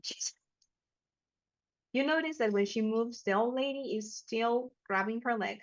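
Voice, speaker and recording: A woman narrating a tabletop horror game as game master, talking casually with fillers and quick self-corrections. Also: fairly high pitch, lo-fi sound. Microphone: headphones and microphone.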